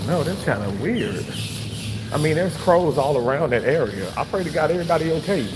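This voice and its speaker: A man casually venting to his viewers, animated and swearing freely, repeating himself for emphasis. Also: fairly high pitch, a little fast, in a large hall, noisy background. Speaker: vlogger reading live chat.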